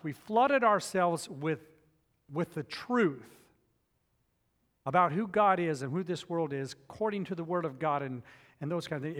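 A man's voice: a little high, a bit bright, in a large hall. A man preaching a sermon as pastor, emphatic and repetitive, telling personal stories to make his points.

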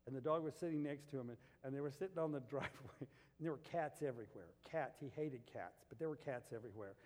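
A male pastor preaching a sermon, shifting between relaxed storytelling and loud emphatic peaks. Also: medium pitch, fast talker, in a large hall.

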